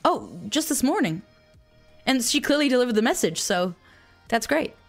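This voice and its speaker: A woman's voice: on the high side, very animated, normal speed, soft background music. A woman voicing Sonia, an eager flirtatious woman on a phone call, in a generic American accent. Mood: flirty.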